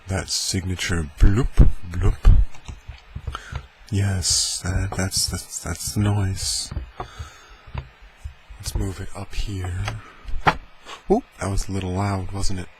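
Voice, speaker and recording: Deep slow soft-spoken man. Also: level tone. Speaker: ASMR creator. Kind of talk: ASMR soft-spoken demonstration. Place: home room with heater fan running. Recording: low-quality recording with fan noise. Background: heater fan hum.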